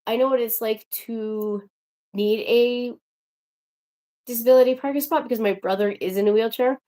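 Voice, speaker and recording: A woman's voice: a little high, steady tone, moderate pace, warm tone. A young woman hosting a casual livestream, chatting to viewers in a rambling, exasperated way. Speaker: livestream host.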